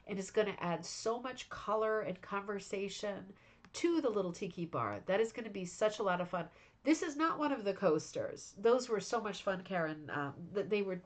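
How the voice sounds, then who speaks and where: A woman of middling pitch hosts a relaxed craft club stream from home, worn out and yawning. She heaps praise on each piece in loose, chatty talk full of fillers. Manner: warm, effusive praise with frequent fillers. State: tired, yawning. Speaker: host of a rug hooking club show. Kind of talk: casual livestream chat reviewing viewers' crafts.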